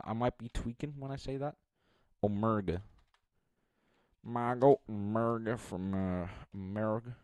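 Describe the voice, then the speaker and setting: A young man with a slightly low voice runs a casual live stream, thinking out loud as he goes. He rambles and makes fun of himself. The sound is dry, with almost no room around him. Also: no echo. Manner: rambling, thinking aloud, self-deprecating.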